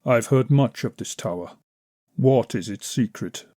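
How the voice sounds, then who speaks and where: Man voicing a terse young barbarian, blunt, unfriendly, dark mellow tone, dry storybook reading. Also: medium pitch, measured pace, dry recording, natural voice. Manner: terse, plain-spoken.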